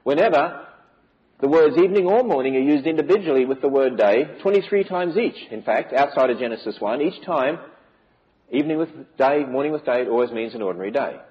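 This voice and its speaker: Emphatic preaching man, lively pitch. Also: fairly quick, highs cut off. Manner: emphatic, full of rhetorical questions. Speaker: speaker on biblical creation. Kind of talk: preaching lecture to a church audience.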